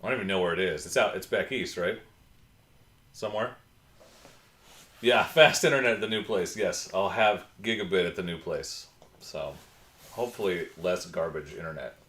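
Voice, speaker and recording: A man's voice: low-pitched, moderate pace, long pauses, fairly bright tone, roomy sound. A man hosting a casual livestream, chatting and answering viewer comments from his home computer. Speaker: livestream host.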